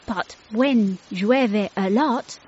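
A woman's voice: mid-range voice, drawn-out words, darkish tone, breathy edge. Woman doing Ralph, a cheerful playful friend. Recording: dull lo-fi dry recording.

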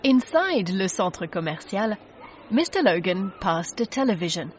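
A woman narrating a children's storybook aloud in an expressive read-aloud style. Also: mid-range voice, muffled recording. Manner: slow, lively expressive reading.

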